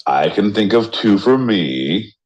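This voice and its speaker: A man co-hosting a podcast in loose, rowdy banter. He talks slowly in a lowish voice and keeps jumping into loud, joking mock voices. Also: expressive, lo-fi sound. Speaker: podcast co-host. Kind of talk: casual banter.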